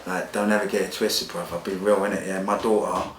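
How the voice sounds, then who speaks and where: A very deep-voiced man, talking bluntly and with feeling, full of street slang and swearing. He tells his story as a podcast guest. The room around him is echoey. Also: little pitch movement, brisk, slight background noise. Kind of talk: candid personal storytelling.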